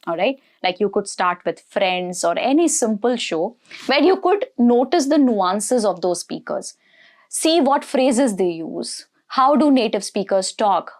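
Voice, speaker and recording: An Indian-accented woman lays out a study plan for English learners, straight to the camera. She is emphatic and keeps checking in with her viewers. Her voice sits at an ordinary middle pitch. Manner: emphatic, rhetorical questions with frequent "all right?" check-ins. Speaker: English teacher. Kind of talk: direct-to-camera English lesson.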